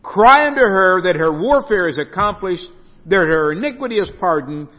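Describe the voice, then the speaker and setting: Animated high-voiced male preacher, echoey hall. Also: moderate pace. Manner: expository, stumbles and repeats words. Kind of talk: sermon. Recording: reverberant hall, dull lo-fi sound.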